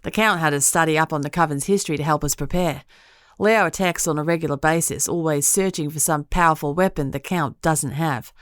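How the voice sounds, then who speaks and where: A woman's voice: low voice, brisk, no echo, natural voice. A woman voicing a brash, casual young witch fighter with an Australian accent in an audiobook. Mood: breezy. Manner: breezy, offhand and teasing. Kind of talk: audiobook character voice.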